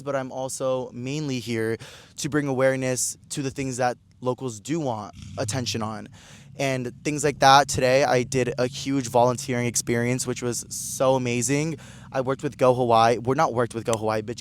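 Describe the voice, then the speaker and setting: A man telling a casual storytime vlog, chatty and animated, acting out other people's lines in a higher voice. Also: slight background noise. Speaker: vlogger.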